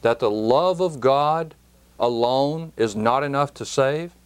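A man teaching a Bible study in a measured, emphatic way, speaking straight to the listener. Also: mid-range voice, smooth. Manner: slow, measured, emphatic phrasing; addresses the listener directly.

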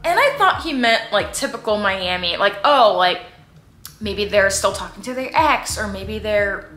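Woman vlogger, chatty and sarcastic storyteller; bright tone, roomy echo. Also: mid-range voice, a little slow, faint music behind. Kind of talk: casual storytime vlog.

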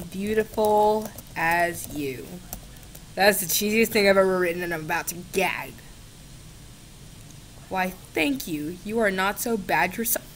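A young woman vlogger talks slowly and drawls through sarcastic, mock-exasperated asides at her laptop. She giggles and swears freely. A faint hiss sits under her voice. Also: on the low side. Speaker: gaming video creator. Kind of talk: casual chat with a chatbot on camera. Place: home, at a laptop.

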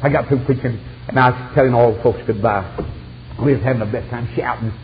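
A man preaching as an evangelist, telling a story with dramatic swings of pitch and sudden shouted peaks. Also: fairly even intonation, fast. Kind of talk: storytelling sermon. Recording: dull lo-fi archival sermon tape with faint hiss.

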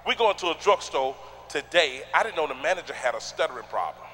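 A man doing a loud, animated stand-up routine on a comedy stage, acting out the voices in his stories. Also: a little high, quick pace, a little hiss or hum. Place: comedy stage before a live audience.

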